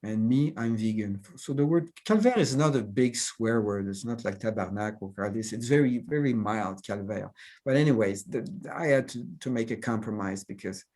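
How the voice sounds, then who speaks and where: A man's voice: lowish voice, lively intonation, moderate pace, a little mellow. A man with a Québécois French accent, a cartoonist whose first language is French, talking casually over a video call, hesitant and full of fillers and restarts.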